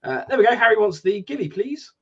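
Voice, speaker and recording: Give me a relaxed man running a quiz on a casual podcast, voice on the high side. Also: quick pace, slightly rough, dull audio. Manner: laid-back, swears casually. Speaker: podcast co-host. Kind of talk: casual chat.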